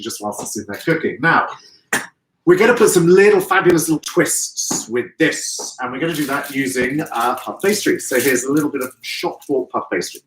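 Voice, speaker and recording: A man's voice: medium pitch, reverberant, noisy background. A man hosting a live cooking demonstration, chatty and playful, with asides to viewers.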